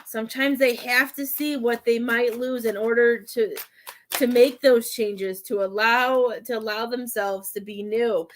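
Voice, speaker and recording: A woman doing a psychic reading from home, with halting, repetitive speech that gives gentle advice. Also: on the high side, fairly even intonation. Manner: halting, repeats words, soothing advice. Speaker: psychic medium. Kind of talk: live-stream spirit reading.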